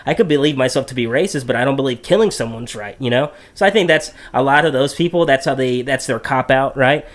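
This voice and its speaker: A man's voice: mid-range voice, fast talker. A man hosting a podcast in casual discussion, thinking aloud with restarts and many tag questions. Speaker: podcast host.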